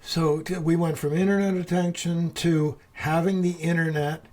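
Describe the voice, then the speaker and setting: A man's voice: fairly high pitch, level tone, moderate pace, darkish tone. A middle-aged man hosting a casual interview, encouraging and reflective, given to wordy turns of phrase. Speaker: podcast host.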